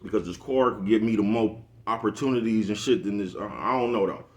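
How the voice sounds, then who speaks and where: Man, quick rambling vlog talk, deep voice, laughs at his own jokes. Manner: rambling, repeats "you know what I'm talking about". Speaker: vlogger. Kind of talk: casual monologue.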